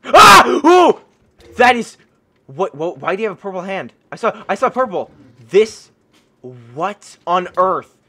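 A man hosting a gaming channel, giving excited gameplay commentary that breaks into shrieks, gasps and laughs. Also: high-pitched, a little slow. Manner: animated and exclamatory.

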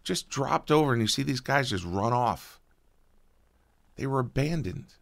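A man preaching a sermon as pastor, earnest and conversational, with a soft-spoken prayer full of small fillers. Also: mid-range voice, expressive, a little slow, vocal fry.

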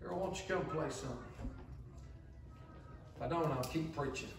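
A pastor, delivering an impassioned sermon and acting out the voices of believers. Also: male voice, a little high, normal speed, creaky, recorded from a distance, background noise. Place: church sanctuary. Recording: echoey church sanctuary, mic from afar.

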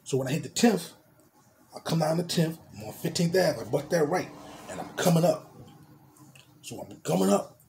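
Young New Jersey man, mellow voice with big pitch swings, slangy storyteller who does his own car sound effects. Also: lively intonation, moderate pace, vocal fry, pauses often, slight background noise. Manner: vivid street slang, mimics cars and horns. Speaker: vlogger telling a story.

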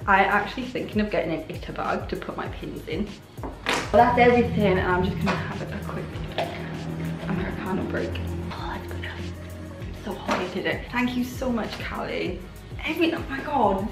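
Young woman, excitable vlogger, gushing, slightly hoarse, echoey room, faint music. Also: medium pitch. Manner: excitable, gushing, many oh my gods. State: voice going hoarse. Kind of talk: casual unboxing chat.

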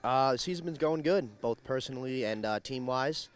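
A young college baseball player from New York, answering in an upbeat, easygoing way with many fillers. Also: male voice, mid-range voice, normal speed. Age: young adult.

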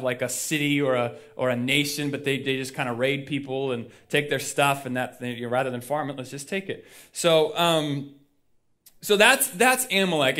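A man's voice: on the high side, sharp tone. A male pastor preaching a sermon in a casual storytelling way, acting out the people he quotes, with lots of fillers. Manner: chatty with many fillers.

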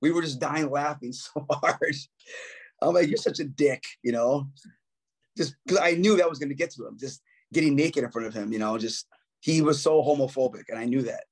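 A man's voice: a little high, normal speed, husky. A man, a musician guest on a podcast, telling profane stories in casual chat and acting out quotes with laughs. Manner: profane storytelling, acts out quotes, laughs often.

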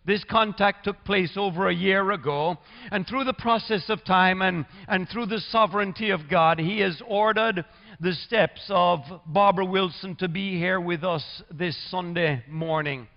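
Gravelly high-voiced pastor in a church hall. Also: male voice, unhurried. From Canada. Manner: warm formal pulpit introduction with amen calls. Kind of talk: sermon introduction. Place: church sanctuary. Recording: dull reverberant church recording.

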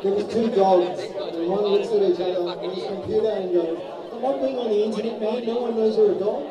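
Rambling high-voiced man on a club stage. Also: dull audio. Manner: halting, rambling, shouts now and then. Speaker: band member on stage. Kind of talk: loose stage banter. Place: small live music venue, indoors. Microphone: stage PA heard from the audience. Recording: echoey club, taped far from stage. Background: band gear and loud crowd.

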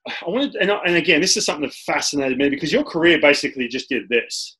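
A man's voice: a little high, fast. A man with an Australian accent hosting a casual interview and telling stories animatedly, often restarting his sentences. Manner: animated storyteller, many restarts. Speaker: podcast host and former pitcher.

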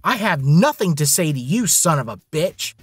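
A man voicing an angry, proud young woman heiress with sharp, indignant retorts. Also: on the high side, very animated, moderate pace, breathy edge, dry recording, soft background music. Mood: furious.

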